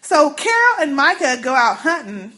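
A woman co-hosting a podcast, recapping a TV episode in casual chat, telling it with lively, animated quotes and free swearing. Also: sits high, moderate pace. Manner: animated storytelling, acts out quotes, swears freely. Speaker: podcast co-host.

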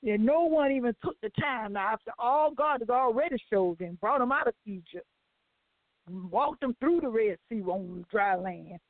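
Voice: mid-range voice, expressive, normal speed. A gospel talk show co-host speaks in an emphatic, preaching way, rambling and repeating words, with loose, informal grammar. The voice comes through a thin, phone-like line. The sound is dry, with no room echo. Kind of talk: preaching-style commentary.

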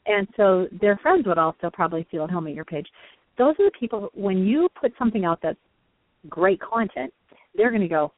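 A woman's voice: mid-range voice, expressive, brisk, no room sound. Woman, host, eager teaching tone, laughs often, tinny phone line. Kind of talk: conversational teaching on a call-in show.

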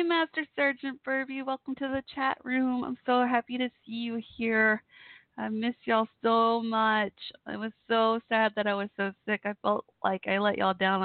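Over dry, tinny audio that resembles a phone call, a woman hosts a relaxed internet radio show. Her mid-range voice, worn thin by the flu, carries no room sound as she chats warmly and talks directly to the people listening.

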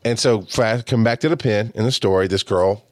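A man's voice: on the low side, moderate pace, no room sound, studio quality. A man in his forties telling a casual, profane story about his friends as a podcast host, acting out their lines. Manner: profane, animated, acts out quotes of friends.

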